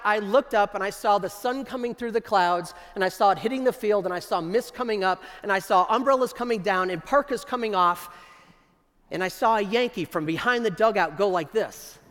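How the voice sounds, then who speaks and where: Energetic high-voiced man on a big stage. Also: a little fast. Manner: energetic, enthusiastic storytelling. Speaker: conference speaker. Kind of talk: storytelling keynote talk. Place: stage in a large hall. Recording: long reverb from a large hall.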